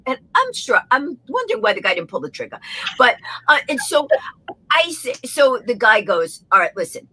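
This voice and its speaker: A woman guest telling a comic story with lively delivery, acting out the voices of the people in it. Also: high voice, normal speed, breathy edge. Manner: animated, acts out the voices in her story.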